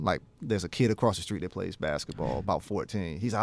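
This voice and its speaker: Thirties male musician guest, low-pitched, dry close studio mic, casual anecdotal delivery that acts out remembered dialogue. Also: quick pace, creaky, few pauses, darkish tone, no echo. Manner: storytelling, acting out his own past dialogue. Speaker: jazz pianist guest and teacher. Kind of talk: casual radio interview. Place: radio studio.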